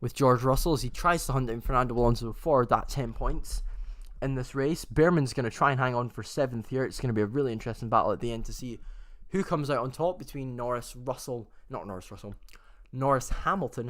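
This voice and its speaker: A man talks through a motor race live in a loose, chatty way, often stopping to fix a name he got wrong. His voice sits at an everyday middle pitch. The sound is dry and close, with little room around it. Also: fairly quick, fairly bright tone, no echo. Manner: chatty, often corrects himself mid-sentence. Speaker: host of a race watchalong.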